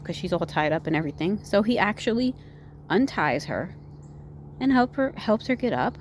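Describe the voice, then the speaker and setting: Low-voiced woman rambling through a movie recap. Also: expressive, moderate pace, slight background noise. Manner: rambling, full of "like", "you know" and "right?". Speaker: movie reviewer.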